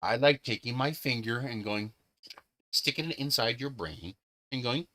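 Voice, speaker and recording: Hosting a live stream, this man speaks at a normal speed in a medium pitch that sounds pushed and bright. He's a gleeful storyteller in casual chat, laughing a lot and cursing without restraint.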